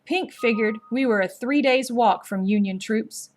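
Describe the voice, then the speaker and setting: A woman narrating a story aloud in a slow, measured, gently expressive storybook reading. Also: on the high side.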